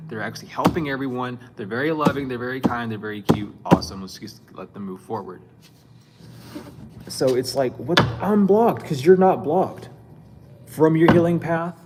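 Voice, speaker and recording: Over loud music, a man with a mid-range voice gives a casual spiritual reading to camera. He's blunt, animated, and scolding, using profane street slang and quick laughs.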